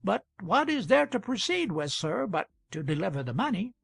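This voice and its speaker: A man's voice: sits high, big pitch swings, normal speed, creaky, fairly bright tone, slightly rough, no room sound, full character voice. A man reading an audiobook, voicing an eager hatter who rouses the crowd. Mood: rousing. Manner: eager, rousing.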